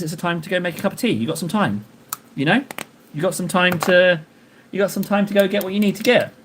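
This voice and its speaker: A man streaming while he paints miniatures, chatting and joking with his viewers in a rambling way. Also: fairly high pitch. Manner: joking, rambling banter with chat.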